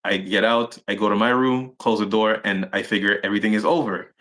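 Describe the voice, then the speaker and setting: Low-voiced man telling a painful story. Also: little pitch movement, a bit bright. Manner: halting, many restarts and fillers. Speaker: interview guest. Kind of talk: personal story in a live interview.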